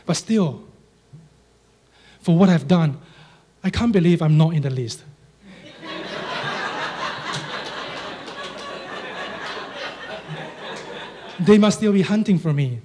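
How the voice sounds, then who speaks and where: Slow, mellow man with a Chinese accent. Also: high voice, very animated, husky. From China. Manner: dry, understated humor with measured pauses. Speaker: storyteller. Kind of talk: live stage storytelling.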